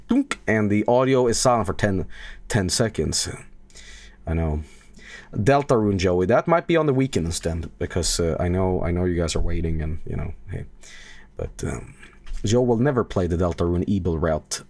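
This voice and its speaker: A man chatting to viewers on a live game stream, rambling and swearing, bursting into loud yelling at times. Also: on the low side, dry recording. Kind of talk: live gameplay stream chat.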